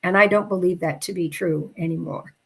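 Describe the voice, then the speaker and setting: A woman, an interview guest, telling a personal story in a heartfelt, reflective way and slowing down at the emotional moments. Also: lowish voice, fairly even intonation, creaky, husky.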